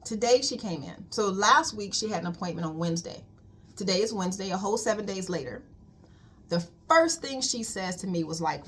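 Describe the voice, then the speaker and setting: A woman's voice: medium pitch, expressive, a little fast, slightly rough. A woman colon hydrotherapist giving a casual spiritual wellness talk, emphatic and repetitive, calling listeners "queen.".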